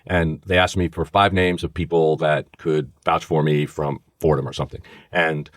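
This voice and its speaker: Deep-voiced man telling a story. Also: level tone, moderate pace, dry recording, clean studio sound. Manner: vivid storyteller who acts out voices. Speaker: podcast co-host, former FBI agent. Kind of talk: storytelling in conversation. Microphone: studio microphone.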